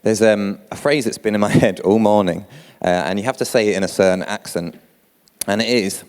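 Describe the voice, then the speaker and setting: Low-voiced man preaching casually. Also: fairly quick, clean tone. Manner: casual, conversational. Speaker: church leader. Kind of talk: informal sermon. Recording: long hall reverb.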